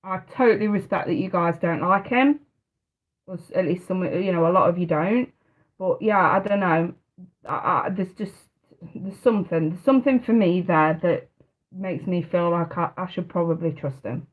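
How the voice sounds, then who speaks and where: A woman's voice: fairly low pitch, normal speed, low-quality recording. A woman, hosting a live tarot stream in casual, hesitant chat and laughing often. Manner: chatty, hesitant, often restarting, laughs a lot.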